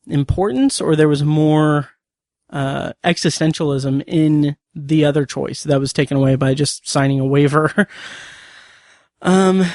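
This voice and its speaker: A man's voice: on the high side, darkish tone, no room sound, clean studio sound. A man hosting a podcast, casually recapping and reviewing a TV episode in a rambling way, with many fillers and restarts.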